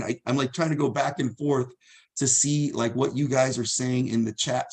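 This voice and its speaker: A man leads a live exam review session from behind his computer, speaking loosely and informally with plenty of fillers and restarts. His voice sits at an ordinary pitch but has a gravelly, creaky edge. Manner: casual, thinking aloud with fillers and restarts. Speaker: teacher.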